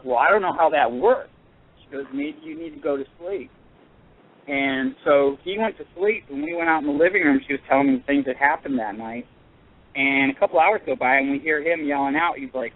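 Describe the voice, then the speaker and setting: Halting male caller over a tinny phone line. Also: fairly high pitch. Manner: halting, earnest, full of pauses and restarts. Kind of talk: telling a personal story on a radio call-in.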